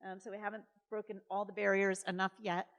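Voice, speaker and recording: A woman in her fifties, a former governor, telling stories in a chatty, animated way on stage, full of fillers and acted-out quotes. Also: mid-range voice, fast. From Massachusetts. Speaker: guest speaker, former governor. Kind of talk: conversational storytelling on stage. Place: college event hall. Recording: reverberant hall.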